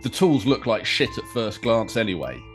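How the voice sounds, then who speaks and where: A man's voice: lowish voice, sing-song, moderate pace, faint music behind. A man hosting a podcast, playfully narrating a choose-your-path game scenario. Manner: playful, chatty storyteller. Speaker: podcast host and game master.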